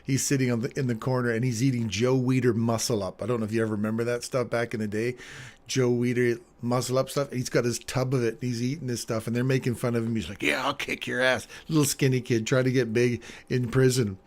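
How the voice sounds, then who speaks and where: A man's voice: medium pitch, level tone, fast, a little mellow. A man hosting a livestream, casually telling rambling anecdotes with chuckles and plenty of fillers. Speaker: trading livestream host.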